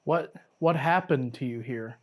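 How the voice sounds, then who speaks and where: Man calmly questioning spirits. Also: mid-range voice. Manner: slow, coaxing questions, drops to a whisper at times. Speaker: paranormal investigator. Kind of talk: questioning spirits during a ghost hunt. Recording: noisy night recording.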